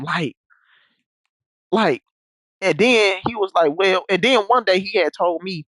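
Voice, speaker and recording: A man's voice: high-pitched, expressive, a little slow, pauses often, fairly bright tone, no echo, low-quality recording. A young man telling a story in casual, rambling talk, full of slang and repeated restarts.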